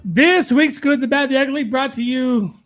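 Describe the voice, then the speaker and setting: A man with a notably high speaking voice hosts a relaxed podcast with his friends. He jokes easily and keeps the segments moving. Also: moderate pace, over music. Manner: jokey, runs the segments. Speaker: podcast host. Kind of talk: casual chat.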